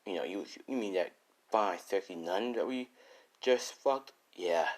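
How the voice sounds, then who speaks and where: A man's voice: deep voice, unhurried. A man voicing a cruel, mocking grown male thug in a spoken fan story, taunting and sneering.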